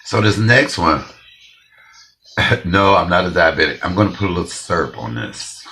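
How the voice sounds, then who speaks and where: With a deep, bright and forceful voice, a Detroit home cook speaks at a normal pace in a sing-song manner. He tastes his food during a casual vlog and talks bluntly straight to his viewers.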